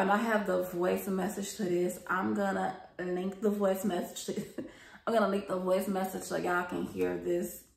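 A woman's voice: medium pitch, gravelly. A young adult woman telling a casual storytime to her viewers, chatty, gossipy and freely profane. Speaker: storytime vlogger. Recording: roomy echo.

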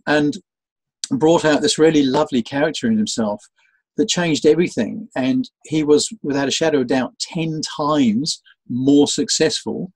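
In a conversational interview, a sales trainer with a somewhat high, husky voice speaks at a normal speed. He's an animated storyteller who performs the quoted voices of the characters he describes. The audio is dry and rough.

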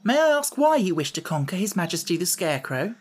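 A man's voice: high-pitched, very animated, a little fast, slightly rough, pitched above the performer's own voice, exaggerated voice. A man reading an audiobook, voicing a curious and polite young boy.

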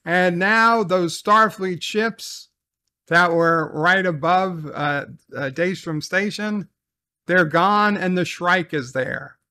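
A man with a fairly high, bright, forceful voice talks through a TV episode recap and review. He takes his time, circles back to repeat phrases, and swears casually. The sound is dry and close. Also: slow, no room sound.

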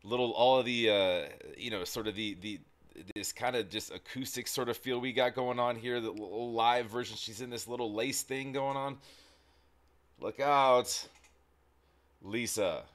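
A man hosting a reaction video, talking in an excitable, rambling way with frequent restarts. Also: medium pitch, normal speed. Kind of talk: casual reaction commentary.

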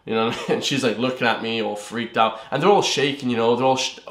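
A young fitness vlogger gives a motivational monologue in a medium-pitched, slightly bright voice, talking fast. His delivery is rambling and blunt, full of swearing, and he keeps addressing his viewers as "guys." The recording sounds roomy, with noticeable echo.

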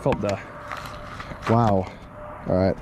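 A young man hosting a fishing vlog outdoors, joking and excitable, shouting when a fish is on. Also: lowish voice, slow, noisy background. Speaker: fishing video host. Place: outdoors on the water.

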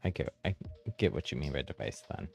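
A man streaming a game, chatting casually with viewers, a bit hesitant and quick to laugh, his voice a little hoarse. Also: rumbling low, soft background music. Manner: relaxed, hesitant, laughs often. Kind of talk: casual live-stream chat.

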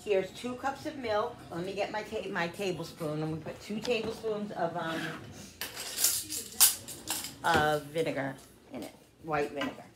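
A woman's voice: fairly low pitch, expressive, moderate pace, pauses often, music in the background. A woman in her fifties hosting a home cooking video, telling stories in a chatty way and acting out the voices in them. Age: 50s. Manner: chatty storyteller, acts out the voices in her anecdotes. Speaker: cooking channel host. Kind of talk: casual kitchen chat. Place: home kitchen. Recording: echoey kitchen, faint noise.

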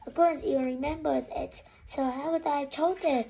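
A woman's voice: high voice, fairly even intonation, normal speed, gravelly, dark tone, poor audio. A woman voicing a timid young girl who protests indignantly and defends herself.

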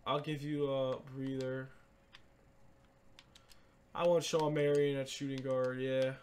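A man giving live gameplay commentary as a gaming creator, excitable, swinging between low muttering and loud shouts and repeating catchphrases. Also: takes it slowly. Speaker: gaming YouTuber.

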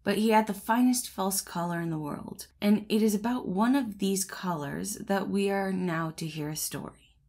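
A woman's voice: medium pitch, normal speed, creaky, darkish tone. A woman host narrating a classic fairy tale as an audiobook, greeting listeners in a friendly, chatty way before reading steadily. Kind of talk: storybook narration.

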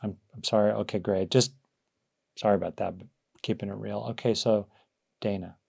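A man's voice: on the low side, fairly even intonation, moderate pace, vocal fry, a little mellow, slightly rough. A man teaching on a live video call, reflective and conversational, with frequent fillers and restarts. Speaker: meditation teacher hosting a Q&A. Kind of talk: live online talk with questions.

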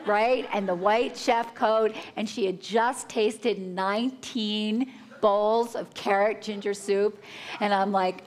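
A woman chef telling a lively story at a live cooking demonstration, acting out her own panicked reactions. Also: medium pitch, takes it slowly. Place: conference hall with a live audience.

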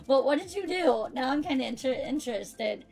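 A woman with a high, expressive voice that's a little mellow and carries vocal fry speaks at normal speed. She's live-streaming a racing game, chatting bubbly with friends and viewers and laughing often, with music behind her.

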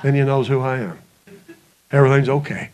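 A man preaching a folksy sermon, telling a homespun story with chuckles and easing into a soft, hushed close. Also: medium pitch, a little fast. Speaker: pastor.

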